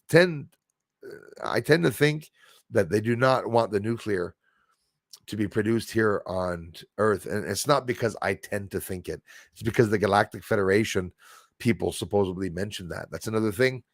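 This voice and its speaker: A man's voice: fairly low pitch, moderate pace, dry recording, clean studio sound. A man hosting a livestream, rambling animatedly through viewer comments with many restarts and a tagged-on "eh?". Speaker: livestream host.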